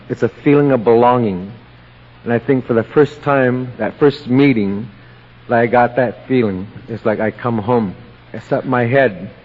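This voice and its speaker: A man of middle pitch tells his own story to a recovery meeting, slow and plain-spoken, pausing between thoughts. His voice rings with a long hall echo, and the recording sounds dull and lo-fi. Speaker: AA meeting speaker. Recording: lo-fi audio with long hall reverb.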